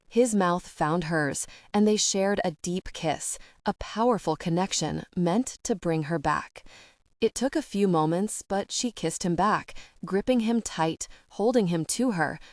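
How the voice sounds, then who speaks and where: Low-voiced woman narrating an audiobook. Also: darkish tone, no room sound, studio quality. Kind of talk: scripted romance narration.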